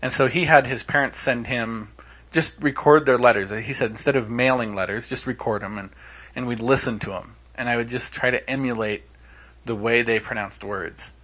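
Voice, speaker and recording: A man co-hosting a podcast in casual chat, eager and quick to laugh. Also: medium pitch, steady tone, bright, forceful tone. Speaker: podcast co-host.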